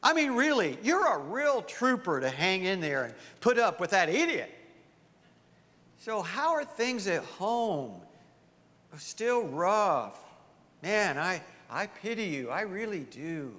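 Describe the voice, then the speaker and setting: A man's voice: high-pitched, sing-song, slow pace, pushed and bright, in a large hall, heavily acted. A man voicing Satan as a friendly, falsely sympathetic buddy who coaxes in a chummy tone. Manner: chummy, coaxing, falsely caring.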